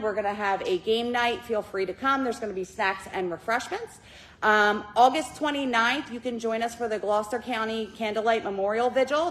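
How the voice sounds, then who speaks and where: A woman's voice: a little high, a bit bright, low-quality recording. A woman leading a recovery group meeting in a church room, giving chatty announcements and a heartfelt introduction, with many fillers.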